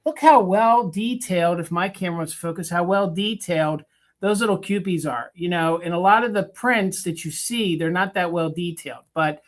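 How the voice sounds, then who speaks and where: A woman's voice: on the low side, normal speed. Chatty woman running a live sale. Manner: chatty, with filler words, counting down bids. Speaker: live sale co-host and seller. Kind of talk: casual live sale pitch.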